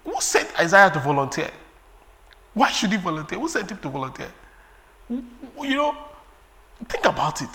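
A man from Nigeria delivers a sermon with a high, bright voice. He preaches with lively energy, laughs often and slips into sung refrains between points. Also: fairly quick, pauses often.

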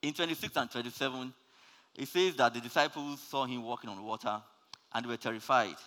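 Bright-voiced preacher in a reverberant hall. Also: male voice, medium pitch, a little fast. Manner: energetic preaching, rising loud then dropping soft. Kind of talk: sermon.

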